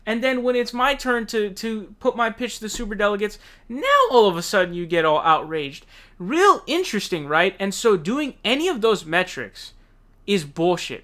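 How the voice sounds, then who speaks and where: Male commentary host, high-pitched, heated and profane, casual rant. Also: pushed and bright.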